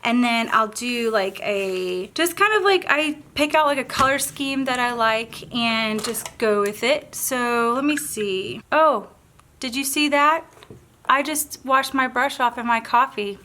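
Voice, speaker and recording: This craft tutorial host, a Southern-accented woman, talks her way through a painting lesson in a bubbly, casual manner, musing aloud as she goes. Her fairly high voice sounds pushed and bright, her delivery is unhurried, and a faint hiss or hum runs underneath.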